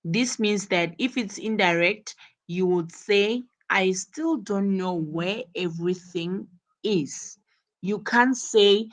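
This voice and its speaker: Woman, English teacher, unhurried delivery, repeats key words, classroom explanation. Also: mid-range voice. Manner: deliberate, repeats words for emphasis.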